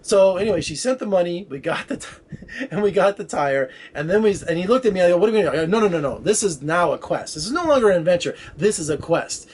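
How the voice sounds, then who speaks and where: A man's voice: high voice, slight background noise. A man casually telling a long road-trip story to camera, acting out the people he met. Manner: animated, acts out voices in his story. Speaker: film critic vlogger. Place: Las Vegas area.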